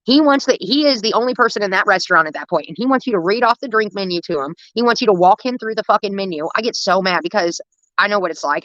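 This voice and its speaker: A young woman rattles through profane family anecdotes at a brisk clip, her voice bright and a bit tense. The sound is dry and slightly muffled, like a basic home mic with no room around it. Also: medium pitch, dry recording. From United States. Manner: rambling, profane, animated anecdotes about her dad. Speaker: livestream host. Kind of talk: casual storytelling.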